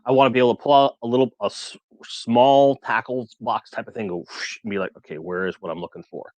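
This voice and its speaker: A man's voice: mid-range voice, steady tone, fast talker, a little mellow, dry recording. A man hosting a toy collecting livestream, chatting casually and reading viewer comments aloud in a rambling way.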